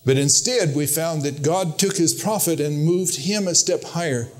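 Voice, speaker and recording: A man's voice: moderate pace, soft background music. An older man preaching a sermon, telling stories and quoting others in an earnest, emphatic way. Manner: storytelling, quoting with raised pitch, earnest and emphatic.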